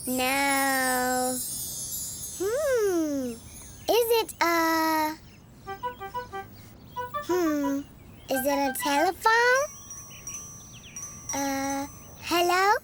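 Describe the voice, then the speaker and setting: A woman doing a squeaky cheerful bunny boy. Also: heavily acted. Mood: playful curious. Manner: slow, sing-song, exaggerated for small children. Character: cheerful young male bunny, curious and playful. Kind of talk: children's learning video. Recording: loud kids' music behind. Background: children's music.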